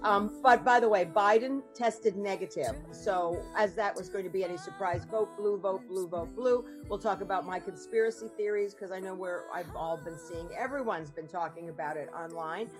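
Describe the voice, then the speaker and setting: A woman's voice: mid-range voice, normal speed, hardly any pauses, music in the background. A woman hosting a podcast, chatting in a rambling way with lots of ums. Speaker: podcast host. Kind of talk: casual chat.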